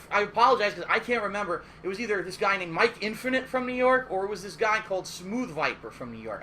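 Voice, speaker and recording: High-pitched guy with a sharp bright voice, swearing a lot while he tells a story on his stream. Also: slight background noise. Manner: animated, profane, emphatic retelling. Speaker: gaming streamer. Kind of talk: casual storytelling.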